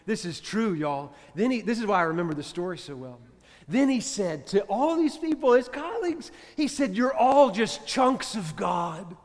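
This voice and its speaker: A man preaching a sermon as a priest, telling a story with dramatic swings from loud to hushed. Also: high-pitched, sing-song, normal speed. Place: church. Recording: reverberant church hall.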